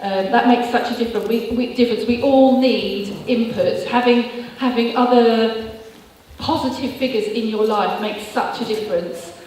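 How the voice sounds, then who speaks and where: A woman's voice: fairly high pitch, fairly even intonation, moderate pace, few pauses, darkish tone. A woman giving a chatty, earnest motivational talk with slides, full of fillers and restarts. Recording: echoey hall, voice heard from far off.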